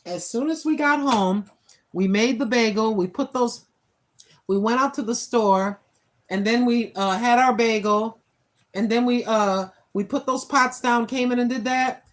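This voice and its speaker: Woman, 60s, livestream host, slightly high voice, preachy joking warnings. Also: measured pace, low-quality recording. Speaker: walking vlog host. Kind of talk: casual livestream chat. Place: at home indoors.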